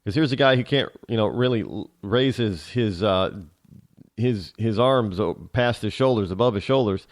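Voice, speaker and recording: A man's voice: fairly low pitch, moderate pace. A man hosting a talk radio show, delivering a sarcastic, rambling opinion monologue full of restarts and fillers.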